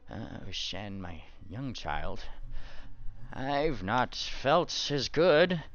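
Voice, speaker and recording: A man voicing a gentle, dazed old hoofed cleric who speaks slowly and breathily. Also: medium pitch, very animated, lo-fi sound, pitched above the performer's own voice, heavily acted.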